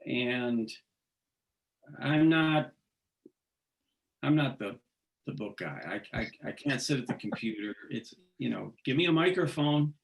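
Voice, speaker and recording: A man being interviewed, talking earnestly and haltingly, often restarting his sentences. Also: medium pitch, expressive, vocal fry. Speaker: singer, interview guest. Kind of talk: casual interview conversation.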